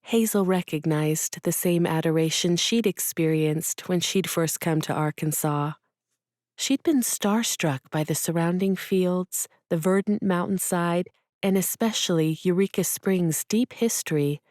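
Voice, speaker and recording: A female audiobook narrator reads a storybook romance from a script, gentle and measured, with a low voice and an unhurried pace. The studio recording is close-miked and completely dry, with no room sound at all.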